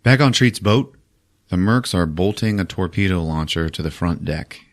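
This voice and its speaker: Speaking in a low-pitched voice at a moderate pace, a man hosts a podcast where he casually recaps a film. His delivery is animated and heavy on swearing, and he performs the characters' lines himself.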